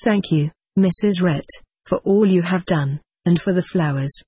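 Gentle, polite female spirit guide, read by a woman, low and breathy. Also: a little slow, no echo. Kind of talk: audiobook reading.

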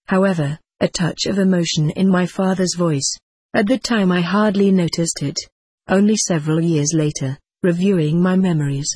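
A text-to-speech voice reading a first-person story as an audiobook narrator, measured and even, sometimes reading formatting marks aloud. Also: medium pitch, husky, no echo.

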